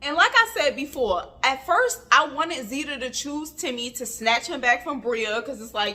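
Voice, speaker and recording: A woman's voice: high voice, lively intonation, moderate pace, few pauses, bright, forceful tone. A woman giving a casual vlog review of a reality TV episode, chatty and emphatic, with lots of filler words.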